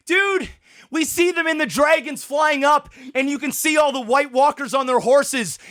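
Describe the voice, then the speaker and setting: High, bright-voiced man ranting. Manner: profane, exasperated, shouting outbursts. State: worked up and sweating. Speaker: podcast host. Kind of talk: ranting show reaction.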